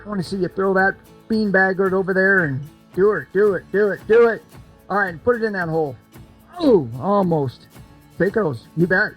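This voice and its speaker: An older man runs a cornhole game at an event, coaxing and joking with the crowd. His voice sits high for a man, and he repeats himself playfully. Faint music drifts in behind him. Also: normal speed, highs cut off. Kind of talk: lively crowd banter.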